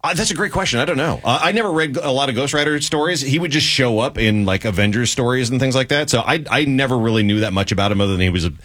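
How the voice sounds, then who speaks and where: A man's voice: medium pitch, lively intonation, fast, hardly any pauses, fairly bright tone. A man co-hosting a radio talk show, chatting casually and agreeably.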